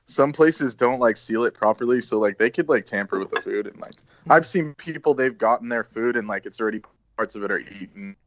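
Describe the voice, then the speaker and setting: A man's voice: mid-range voice, brisk, a bit bright. A young man calling in from home, chatting casually with "like" dropped all through his talk. His voice comes through a dull, lo-fi call line with faint noise underneath. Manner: casual, peppered with "like". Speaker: livestream guest. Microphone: call audio.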